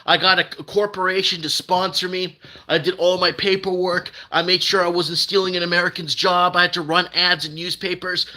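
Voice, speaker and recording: Chatty older man, bright voice. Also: sits high, little pitch movement, brisk. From Canada. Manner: rambling, reads out viewer comments, restarts often. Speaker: live stream host. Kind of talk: casual live stream chat.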